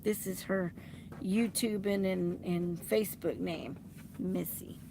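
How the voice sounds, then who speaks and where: Gravelly-voiced woman chatting on a late-night livestream. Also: on the low side, takes it slowly, noisy background. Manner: chatty, laughs often, reads and answers viewer comments. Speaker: livestream host. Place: inside her truck.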